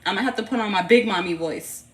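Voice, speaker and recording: A woman's voice: medium pitch, fast talker. A woman chatting casually on a tarot livestream, playful and slangy, often laughing and talking to a baby. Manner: playful and loose, teasing a baby between readings; slangy and profane, bursts into laughter. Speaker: tarot reader and streamer.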